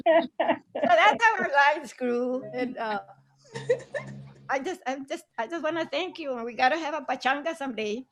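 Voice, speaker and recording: An older woman from Southern Arizona, a playwright and actress, reminiscing casually on a video call, chatty and quick to laugh, slipping Spanish phrases into her English. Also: sits high, a bit bright.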